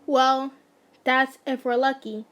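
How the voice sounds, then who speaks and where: Woman, high voice, casual fan fiction reading, stumbling delivery. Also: flat delivery, slow, a bit bright. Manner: stumbling, restarting, breaking off to joke and laugh.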